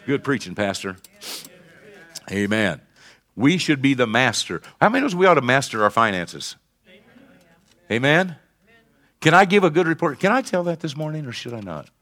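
An older man preaching a sermon as pastor, leading the congregation in call and response and swinging from soft talk to shouting. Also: mid-range voice.

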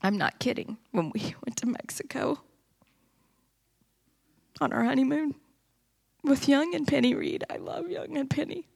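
A woman's voice: high voice, lively intonation, measured pace, creaky, pauses often. A woman giving an impassioned sermon testimony in a church, rising into emphatic preaching. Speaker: church speaker. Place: church sanctuary.

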